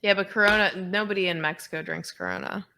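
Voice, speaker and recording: A woman's voice: mid-range voice, fast, vocal fry, sharp tone. A woman co-hosting a comedy podcast, chatting casually and firing off teasing questions. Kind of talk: casual chat.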